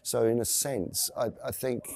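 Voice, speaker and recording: A man's voice: medium pitch, fairly even intonation, measured pace, gravelly, a little mellow, a little hiss or hum. A middle-aged man, an actor being interviewed, answering earnestly and searching for his words. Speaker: actor guest.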